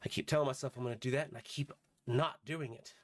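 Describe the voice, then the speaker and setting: A man streaming a video game, chatting casually and bantering with viewers, his voice a bit hoarse from a recent illness. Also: mid-range voice, steady tone, fast talker, no echo. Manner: joking, bantering with chat.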